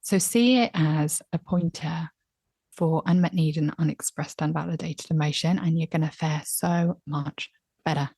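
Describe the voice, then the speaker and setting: A woman talks openly as a podcast guest. Her lowish voice carries a gravelly fry, recorded dry and close. She often slips into quoting her own inner thoughts with animation. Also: moderate pace, no room sound. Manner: candid, expressive, acts out her own inner voice. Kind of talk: conversational interview. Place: home, on a laptop call.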